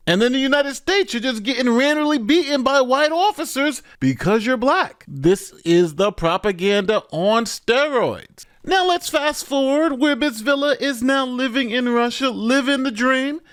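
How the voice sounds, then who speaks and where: A man's voice: extremely high pitch, fairly bright tone. A man hosting a reaction commentary show, speaking in a sarcastic, mocking way. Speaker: commentary host.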